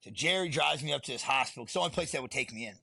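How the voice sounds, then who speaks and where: Gravelly, husky veteran man. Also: medium pitch, lively intonation, racing, sharp tone, dry recording. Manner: blunt, profane, rambling. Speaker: podcast guest. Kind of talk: candid storytelling.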